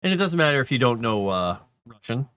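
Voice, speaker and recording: Man, bright voice, dry close sound, casual stream chat, trails off as he writes. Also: medium pitch, very animated, fairly quick, clean tone, no echo. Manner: chatty, trails off mid-sentence. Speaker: author on a live writing stream. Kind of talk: casual chat while writing.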